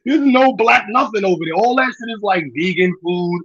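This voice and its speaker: Man, New York accent, from Brooklyn, livestream rant, mocking and profane, laughing, husky, lo-fi audio. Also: sits high, lively intonation, moderate pace, fairly bright tone. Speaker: livestream host.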